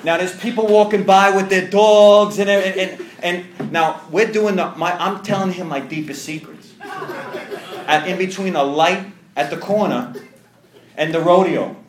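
A man sharing a personal recovery story with an audience, animated and full of restarts. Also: high-pitched, measured pace, roomy sound, slight background noise. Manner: animated, self-interrupting storyteller with many restarts. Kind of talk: storytelling testimony to a live audience.

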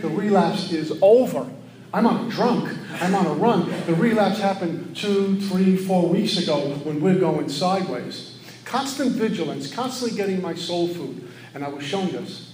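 A middle-aged man giving an earnest, preachy share at a recovery meeting, often acting out his own thoughts in quick asides. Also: a little high, a little mellow, slight background noise. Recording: echoey room with faint ambience.

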